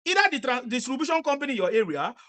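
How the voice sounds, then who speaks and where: A woman, running a street interview. Her voice is high and bright, and she talks fast. She lectures the person in front of her and repeats herself for emphasis. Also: very animated. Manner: lecturing, repetitive, forceful.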